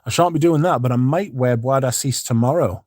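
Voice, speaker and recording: A man's voice: mid-range voice, a little fast, a little mellow, no room sound, studio quality. A man hosting a casual livestream, reading out viewer comments and chatting in a rambling, laid-back way with the odd swear. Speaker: livestream host.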